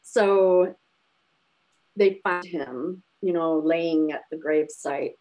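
Low-voiced woman retelling a film. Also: takes it slowly, low-quality recording. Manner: emotional, animated retelling. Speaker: podcast co-host. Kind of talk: casual chat.

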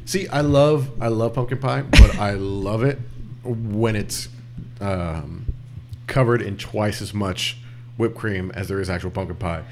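A relaxed man jokes through casual podcast talk, swearing freely and in no hurry. A faint hiss of room noise sits under his voice. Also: on the low side, a little slow. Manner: laid-back, profane, joking. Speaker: podcast co-host.

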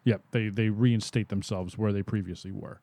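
A man's voice: fairly low pitch, fairly even intonation, normal speed, mellow, no room sound. A man co-hosting a podcast, ranting crudely and indignantly in casual comedic chat. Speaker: podcast co-host.

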